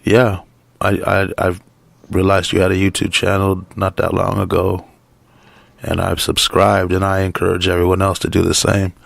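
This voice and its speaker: A man's voice: low-pitched, monotone, moderate pace, vocal fry, no room sound. A man hosting a casual radio talk show in a laid-back way, chuckling between remarks.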